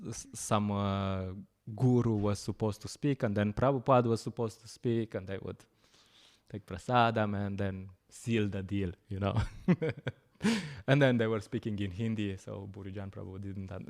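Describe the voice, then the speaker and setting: A man giving a scripture class, telling stories in an animated way, often laughing and pausing with fillers. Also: lowish voice. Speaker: lecturer at a temple program.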